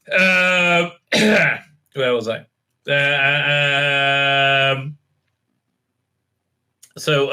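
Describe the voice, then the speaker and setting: A man's voice: on the high side, pushed and bright, clean tone. A man from Israel giving a casual, rambling recap of a TV episode, full of fillers and restarts, with a sarcastic edge. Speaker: TV show reviewer. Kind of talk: casual recap with mocking impressions.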